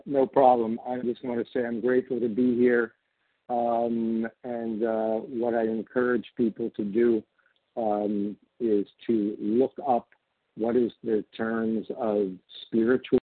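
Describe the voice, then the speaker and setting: A man from Israel speaks slowly and hesitantly at a recovery meeting. His voice is low, flat and husky. It comes through a dry, tinny phone line. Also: dry recording. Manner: slow, hesitant, many fillers. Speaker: recovery meeting member sharing. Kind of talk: brief share on a phone meeting.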